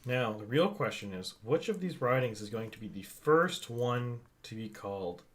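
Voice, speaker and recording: A man's voice: mid-range voice, lively intonation, normal speed, a bit bright. A man co-hosting a casual podcast, speculating at length about an election with frequent restarts, recorded on a microphone he shares with his co-host at home. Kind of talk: casual political chat. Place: home setup, not a studio.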